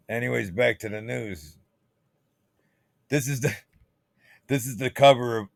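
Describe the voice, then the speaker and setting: Man, gravelly voice, profane rambling commentary, dry close sound. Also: mid-range voice, fairly bright tone, no echo. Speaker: channel host. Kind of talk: casual screen-share commentary.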